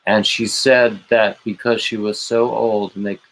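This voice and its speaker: A man's voice: on the low side, little pitch movement, measured pace, a bit bright, a little hiss or hum, low-quality recording. A man hosting a late-night livestream, rambling on and greeting chat viewers by name with gushing, emotional asides. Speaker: livestream host.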